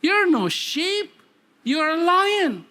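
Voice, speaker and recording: A big, wise lion, as a storyteller puts him on, speaks patiently and firmly in a lifted, lively voice. His tone stays reassuring and unhurried in a bright, storybook way. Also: very high voice, voice pushed up, heavily acted. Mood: calm.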